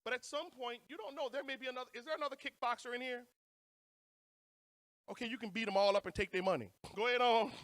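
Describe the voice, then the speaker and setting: A man's voice: very high-pitched, fast, a bit bright, no echo. Upbeat New Orleans man emceeing. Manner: playful, joking banter with the crowd. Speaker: conference emcee. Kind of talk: hyping up a live audience.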